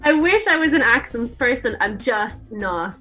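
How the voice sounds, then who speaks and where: Bright-voiced Irish woman with mid-Atlantic twang. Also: on the high side, expressive, a little slow, faint music behind. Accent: Irish with a mid-Atlantic lilt. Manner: chatty, laughs easily. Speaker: radio co-host. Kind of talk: casual chat.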